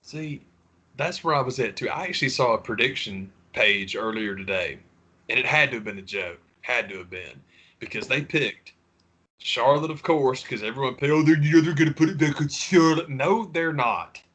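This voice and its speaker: A man co-hosting a casual wrestling podcast, animated and profane, laughing often and mimicking other people's voices. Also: mid-range voice, normal speed, husky. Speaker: podcast co-host. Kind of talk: casual chat.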